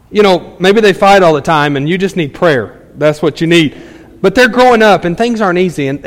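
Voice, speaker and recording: A man's voice: high-pitched, long reverb tail. A man preaching a Sunday sermon in a church, conversational and folksy, with frequent fillers and restarts. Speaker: pastor. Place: church sanctuary.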